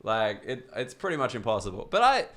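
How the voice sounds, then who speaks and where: A man's voice: medium pitch, huge pitch swings, a little fast, a bit bright. A man with an Australian accent and a middling voice hosts a casual podcast chat. He is laid-back, blunt and sweary as he quizzes his guest. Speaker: podcast host.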